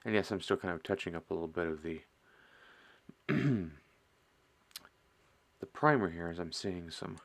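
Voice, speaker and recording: Rambling middle-aged man with a low voice. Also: lively intonation, normal speed, pauses often. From Midwestern US. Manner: rambling, self-mocking, chuckles at himself. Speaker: host of a miniature painting stream. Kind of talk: casual chat while painting.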